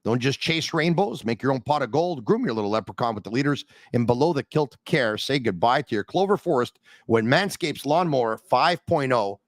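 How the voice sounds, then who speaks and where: Speaking quickly with lively intonation, this man hosts a hockey podcast and talks right to his audience, delivering ads with upbeat emphasis. His voice sits in the mid range, and the recording has no echo.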